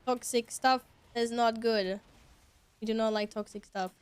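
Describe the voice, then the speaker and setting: This young streamer has a fairly high, smooth voice with a steady tone, and she talks a little slowly. She chats casually with her viewers during gameplay, commenting as she plays and letting the occasional swear word slip.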